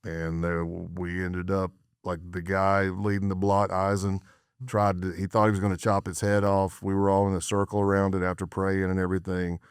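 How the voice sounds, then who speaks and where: Deep gravelly-voiced man telling a story. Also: normal speed, no room sound, studio quality. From United States. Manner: animated storyteller acting out quoted dialogue. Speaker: former undercover FBI agent, podcast guest. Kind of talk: storytelling in a podcast interview.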